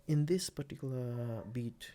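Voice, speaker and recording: A man producing music, walking through his own beat in a relaxed, rambling way, with many fillers and restarts. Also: medium pitch, measured pace. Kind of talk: casual screen-recorded tutorial.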